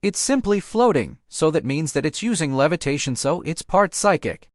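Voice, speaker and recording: A man's voice: on the high side, big pitch swings, moderate pace, no echo, clean studio sound. A man voicing a cocky, taunting young male rival trainer while reading a storybook aloud. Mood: rattled. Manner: taunting, self-assured.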